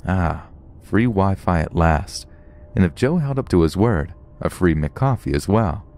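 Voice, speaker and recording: Deep, lively male horror story narrator. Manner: storytelling, puts on short voices for quoted people. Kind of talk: scripted narration of horror stories.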